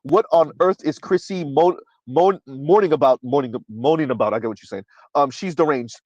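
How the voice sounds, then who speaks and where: Emphatic stream host, man, pitched a little high, dry close mic. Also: moderate pace, a little mellow, dry recording, dull audio. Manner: emphatic, repeats "right?" often. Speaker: commentary channel host. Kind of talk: livestream commentary reading chat.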